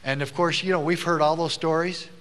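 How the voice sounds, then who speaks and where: A man's voice: fairly high pitch, steady tone, fairly quick. Emphatic man speaking in a reverberant hall. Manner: emphatic, swells to loud rallying stresses; storytelling, acts out the people he quotes. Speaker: former sheriff giving a speech. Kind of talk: public speech to a live audience.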